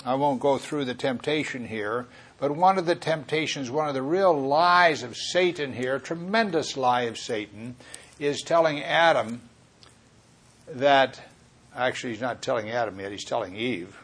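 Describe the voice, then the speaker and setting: A man's voice: medium pitch, unhurried, a bit bright, breathy edge. A man preaching a Bible teaching sermon, earnest and rambling, often correcting himself mid-thought.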